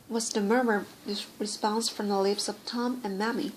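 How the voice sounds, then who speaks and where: A woman narrating an audiobook in a steady reading voice that often stumbles and restarts words. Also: mid-range voice, normal speed, hardly any pauses, slight background noise, rough recording. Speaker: audiobook reader.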